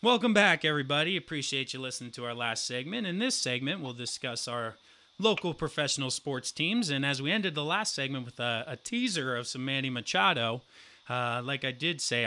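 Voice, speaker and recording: Bright-voiced young man telling a profane story. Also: mid-range voice. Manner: profane, animated storyteller who acts out quotes loudly. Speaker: podcast co-host. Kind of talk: casual sports podcast chat.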